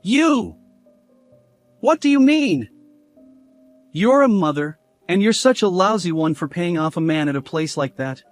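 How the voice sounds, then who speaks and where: A woman's voice: lowish voice, lively intonation, measured pace, pauses often, no room sound, faint music behind. A woman narrator voicing a defensive adult son who lashes out angrily. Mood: angry.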